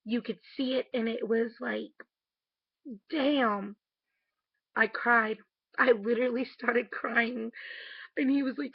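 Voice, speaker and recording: A woman speaks straight into her camera at home late at night in a candid, emotional way, with the odd casual swear. Her voice is fairly high, gravelly and husky. It is close and dry but dull and lo-fi. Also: fairly even intonation, measured pace, pauses often, dry recording. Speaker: vlogger. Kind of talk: casual video diary.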